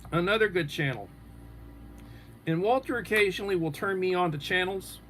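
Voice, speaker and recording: A man's voice: high-pitched, moderate pace, fairly bright tone, slight background noise. A man hosting a live stream, chatting casually and rambling as he answers viewers' comments. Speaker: livestream host.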